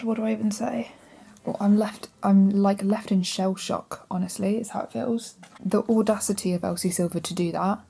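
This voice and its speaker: A woman's voice: fairly low pitch, gravelly, warm tone, a little hiss or hum. A woman chatting casually and candidly in a reading vlog, talking straight to her camera. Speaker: book vlogger.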